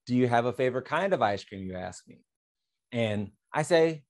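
A man presents a lesson through a playful, drawn-out story, voicing both sides of an imagined conversation. He leans on repetition for emphasis and keeps his delivery animated, with an ordinary mid-pitched voice. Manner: emphatic, repeats phrases. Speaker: presenter on fair housing. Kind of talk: illustrative talk with a story.

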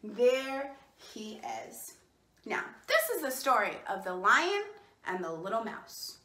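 A woman's voice: fairly high pitch, very animated, slow, bright, forceful tone, reverberant. A woman hosting a bilingual children's storytime, cheerful and encouraging, who asks the children to repeat words after her while she sits indoors. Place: indoors, seated.

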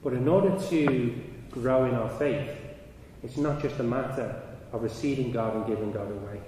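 A man speaking at a conference, his voice rising and growing loud as he tells a story. He is recorded from a distance in a large hall with a long, ringing echo. Steady noise sits under his voice. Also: medium pitch, moderate pace. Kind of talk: conference talk. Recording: echoey hall, mic from afar, noisy.

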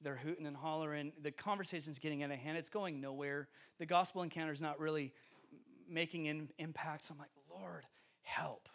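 A man preaching as a guest speaker in a church, telling a story with lively acted-out dialogue. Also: on the high side, a little fast. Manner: animated, acts out dialogue, laughs often. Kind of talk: storytelling sermon. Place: church sanctuary.

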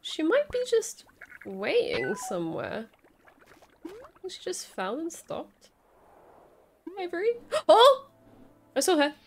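A young woman giving excitable let's-play commentary, squealing, panicking and repeating herself as she plays. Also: very high voice, slow, creaky, long pauses, a little hiss or hum. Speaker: gaming YouTuber.

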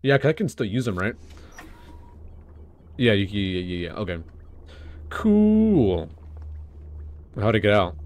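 A man commenting on a video game as he plays, chatty and excitable, laughing often and reading in-game text aloud. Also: lowish voice, fairly quick, pauses often. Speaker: let's play host. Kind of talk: gaming commentary.

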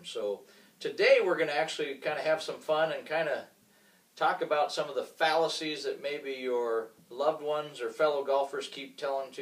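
A man teaching golf in a casual, joking way, acting out common mistakes while he demonstrates swings. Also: mid-range voice. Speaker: golf instructor. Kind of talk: instructional talk with demonstration. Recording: roomy sound from a distant mic.

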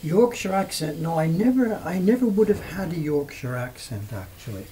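An older man in his seventies from England chats casually on a livestream, rambling and reminiscing as he answers questions. His voice sits fairly high but sounds mellow and soft-edged. A faint hum of noise runs behind him. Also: big pitch swings, normal speed, rough recording. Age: 70s. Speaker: livestream host. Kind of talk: casual storytelling chat.

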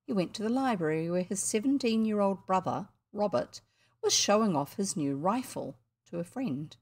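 Woman, New Zealand accent, storybook reader, lively rising and falling voice, chatty asides. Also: mid-range voice, normal speed. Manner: expressive, chatty asides to listeners. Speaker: audiobook reader.

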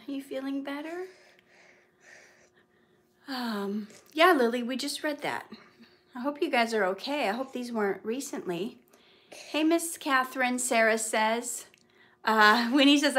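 A young actress hosting a casual livestream, chatting and reading viewer comments aloud. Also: female voice, fairly high pitch, a little slow, a bit bright. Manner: chatty, reads viewer comments aloud, breaks off to soothe a child.

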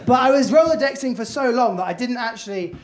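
A young man performing a stand-up comedy set on a club stage, telling a story with lively acted-out voices. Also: very high voice, fast.

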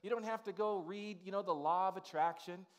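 A man's voice: high-pitched, fairly quick. A male pastor delivering an informal, conversational sermon in a church sanctuary, full of "you know" asides.

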